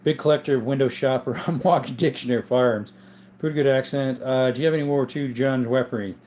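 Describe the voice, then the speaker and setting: Talking fast with fairly even intonation, a man in a mid-range, slightly mellow voice runs a casual live chat. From a home room displaying his gun collection, he reads comments from viewers and responds in a rambling, easygoing way, his voice strained and worn.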